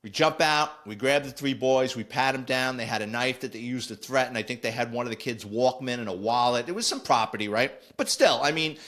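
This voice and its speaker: An older man, a former police officer telling a blunt, animated story on a podcast. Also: medium pitch, a little fast, hardly any pauses. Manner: animated, blunt, acts out quoted voices. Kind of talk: casual anecdote storytelling.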